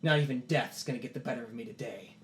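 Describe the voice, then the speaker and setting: A man's voice: medium pitch, quick pace, fairly bright tone, close to an everyday voice. A man voicing a tormented man losing control of his magic, who cries out and pushes back in defiance. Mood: defiant. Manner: panicked, then defiant.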